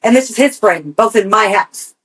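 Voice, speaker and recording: A woman co-hosting a podcast, telling a personal story in casual chat, animated and swearing freely. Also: mid-range voice, moderate pace, slightly rough, low-quality recording. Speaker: podcast co-host.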